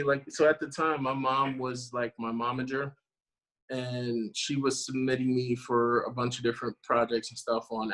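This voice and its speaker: A man in his thirties, a guest actor telling a lively story in a casual interview, acting out what people said and laughing often. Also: medium pitch, low-quality recording. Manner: animated storyteller, acts out quotes, laughs often.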